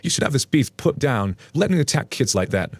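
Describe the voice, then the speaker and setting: A man's voice: mid-range voice, very animated, fairly quick, husky, no echo, voice pushed up. A man voicing an angry dad in his mid-thirties, accusing and raising his voice in a read-aloud story. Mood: hostile. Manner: accusing, raised voice.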